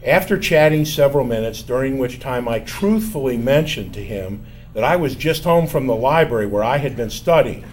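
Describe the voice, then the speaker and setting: A man's voice: mid-range voice, expressive, a little mellow, a little hiss or hum. Older man telling a wry memoir. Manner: measured, wry, self-mocking. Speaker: storyteller. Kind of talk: personal memoir storytelling.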